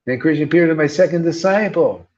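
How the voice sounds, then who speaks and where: A man giving an informal devotional sermon as a spiritual teacher, animated and joking in a preacherly way. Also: a little high, fast, dull audio.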